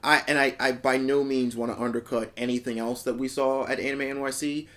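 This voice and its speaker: A man's voice: medium pitch, flat delivery, fairly quick, fairly bright tone. A young man co-hosting a podcast, explaining at length with fillers and casual swearing. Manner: rambling explainer with many fillers and restarts, casually profane. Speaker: podcast co-host. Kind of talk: casual chat.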